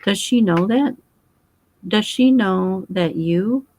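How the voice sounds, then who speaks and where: A woman's voice: mid-range voice, a little mellow, no echo. A woman reading as a fussy foreign detective. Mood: measured. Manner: formal, measured speech.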